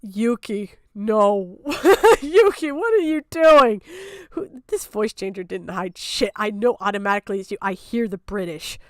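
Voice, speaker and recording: A woman streaming herself as she reacts to a video, mocking it loudly and breaking into bursts of laughter. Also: mid-range voice, expressive, normal speed, hardly any pauses, no room sound. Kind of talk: casual live-stream commentary.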